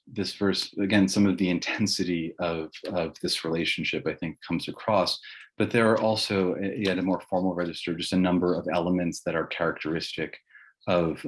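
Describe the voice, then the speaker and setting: A man giving a public lecture on poetry, explaining in an academic, thinking-aloud way. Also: low voice.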